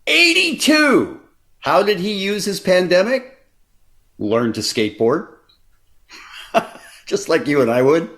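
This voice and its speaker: A man's voice: on the high side, a little slow, long pauses. A man co-hosting a podcast in casual, joking chat. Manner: animated, joking, laughs often. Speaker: podcast co-host.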